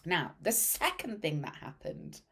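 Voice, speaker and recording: Animated woman, lively pitch. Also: measured pace, husky. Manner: animated storytelling with dramatic hushed asides. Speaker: podcast host and mindset coach. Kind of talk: casual monologue to listeners.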